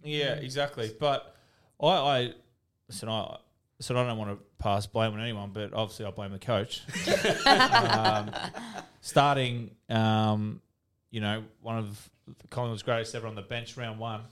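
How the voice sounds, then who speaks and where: A man's voice: lowish voice, measured pace, fairly bright tone. A man in his thirties with an Australian accent, a retired footballer chatting as a guest and telling candid, rambling stories with swearing and laughter. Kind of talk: casual podcast storytelling.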